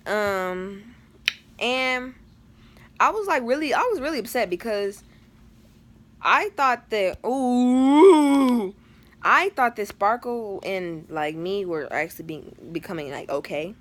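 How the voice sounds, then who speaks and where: A woman's voice: mid-range voice, animated, a little slow, pushed and bright, a little hiss or hum. A teenage girl telling a storytime vlog in a chatty, dramatic way, full of slang and fillers. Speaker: vlogger.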